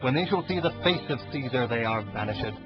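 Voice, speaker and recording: A man's voice: medium pitch, expressive, fairly quick, lightly acted. A man playing a proud, defiant Roman ruler in a Shakespeare audio drama, declaiming grand verse. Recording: dull lo-fi audio under music.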